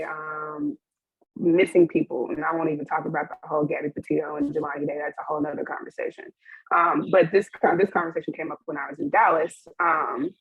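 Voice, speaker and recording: A young woman speaks candidly on a webinar panel, her voice husky and breathy. The sound is dry and narrow like a phone line, recorded over a video call. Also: low voice, dry recording. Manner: open and emotional, with frequent laughs and fillers.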